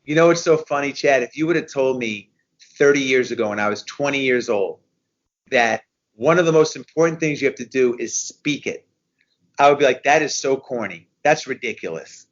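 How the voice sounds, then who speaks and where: A man's voice: mid-range voice, moderate pace, muffled recording. A man in his fifties, a podcast guest, telling stories with energy and repeating phrases for emphasis. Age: 50s. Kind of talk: conversational podcast interview.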